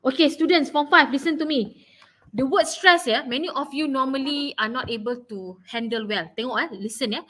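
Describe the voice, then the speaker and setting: A woman's voice: high voice, a little fast, pushed and bright. A Malaysian woman teaching an online English revision class, encouraging students and often repeating her phrases.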